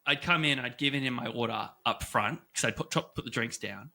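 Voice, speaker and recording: A young Australian man co-hosting a podcast, chatting casually and telling animated stories with frequent laughter. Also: mid-range voice, a little fast, creaky. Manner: animated storytelling, laughs often. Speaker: podcast co-host. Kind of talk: casual chat.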